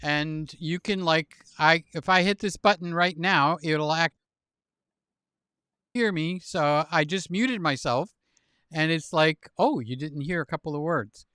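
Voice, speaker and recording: A man hosting a livestream, chatting with guests and telling silly jokes in an animated way while laughing at them. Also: fairly high pitch, measured pace, clean tone, dry recording, studio quality. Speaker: livestream host. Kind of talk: casual chat with guests.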